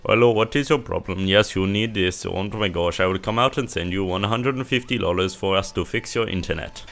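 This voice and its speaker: A man's voice: deep voice, fairly quick, vocal fry, fairly bright tone. A man voicing an overly polite male call-centre agent with a put-on Indian accent, who keeps saying "okay, okay.". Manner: singsong, repeats "okay, okay".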